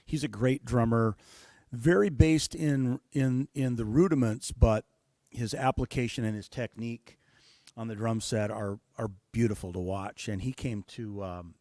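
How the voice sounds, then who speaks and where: A man from the United States, a guest musician talking in a relaxed interview, thoughtful and pausing often with fillers. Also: mid-range voice, dry recording, clean studio sound. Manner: thoughtful, many hesitations and fillers. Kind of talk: casual interview talk.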